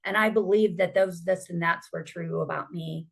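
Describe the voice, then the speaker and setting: A woman's voice: on the low side, steady tone, moderate pace, gravelly. A woman speaking as a survivor advocate, giving an earnest, emphatic personal testimony.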